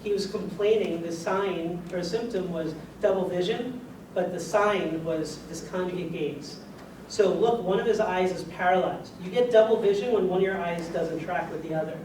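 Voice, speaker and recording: A man giving a medical lecture to a live audience, heard from a distance in an echoey room. He talks conversationally, putting questions to the audience. A steady hiss of noise sits under his voice. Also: high voice, normal speed. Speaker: doctor giving a talk. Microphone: far room mic.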